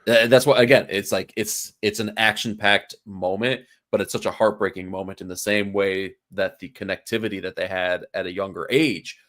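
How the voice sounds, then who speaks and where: A man's voice: on the low side, fairly even intonation, moderate pace, few pauses, a bit bright. A man co-hosting a casual comic book podcast, earnest and analytical, repeating phrases for emphasis. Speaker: podcast co-host.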